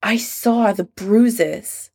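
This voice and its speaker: A woman reading aloud, voicing a volatile young man who shouts and hisses in jealous anger. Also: medium pitch, very slow. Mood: hissing.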